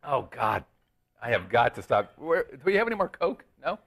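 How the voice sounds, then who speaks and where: A man's voice: mid-range voice, big pitch swings, moderate pace, a bit bright. A man, the show's producer sitting in as guest, teasing the host and rambling through stories in a casual late-night chat. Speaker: show producer and stand-in guest. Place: studio.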